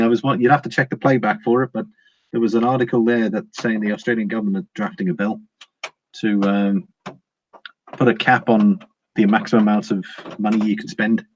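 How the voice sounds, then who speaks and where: Man, stream host, halting casual delivery full of "uh"s, mid-pitched voice, dull lo-fi audio with faint hiss. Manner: halting, frequent fillers and restarts; reads viewer comments aloud and replies. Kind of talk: casual live-stream market chat.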